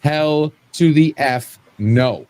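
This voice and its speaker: A man, a panelist on a live-stream show, giving a rambling, animated rant full of restarts and repeated words. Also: a little high, drawn-out words.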